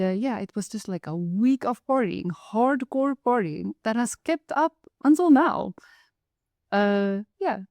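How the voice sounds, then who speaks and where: A woman from Africa, telling a personal story in a wry, lively way. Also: medium pitch, dry recording, studio quality. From South Africa. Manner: lively, wry, acts out the people in her stories. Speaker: author and storyteller.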